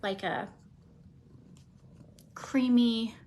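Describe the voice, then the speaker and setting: Chatty woman vlogger, slightly high voice. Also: fairly even intonation, extremely slow, background noise. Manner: chatty, rambling with many fillers, softly talks to her cat. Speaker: beauty vlogger. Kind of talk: casual makeup chat.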